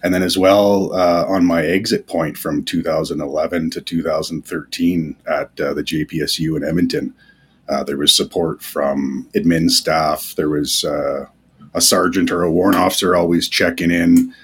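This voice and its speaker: A man talking as a podcast guest in a candid, halting way, with many pauses and fillers. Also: sits low, fairly even intonation, breathy edge. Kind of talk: casual podcast interview.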